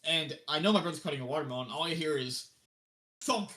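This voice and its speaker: A young man co-hosting a podcast, telling a story in an animated way, acting out the quoted voices and laughing often. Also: a little high, very fast. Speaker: podcast co-host. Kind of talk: casual storytelling chat.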